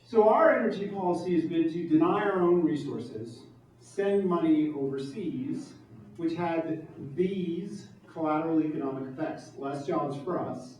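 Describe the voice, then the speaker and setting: A man's voice: on the high side, a little slow, darkish tone. A man giving a campaign speech to an audience, emphatic and fond of rhetorical questions. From New York. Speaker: political candidate. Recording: distant mic, echoey room, dull sound.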